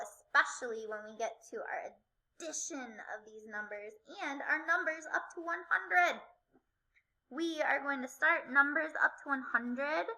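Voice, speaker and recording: High bright lady teacher, super slow sing-songy voice, counting with little kids on video. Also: low-quality recording. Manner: slow, sing-song, exaggerated teacher voice with playful pretend guessing. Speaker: kindergarten teacher. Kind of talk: remote video math lesson for young children.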